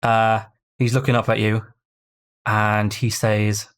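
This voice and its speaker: Halting male game master. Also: on the low side, little pitch movement, clear, resonant tone. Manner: halting, self-correcting narration. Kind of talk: narrating an online tabletop game.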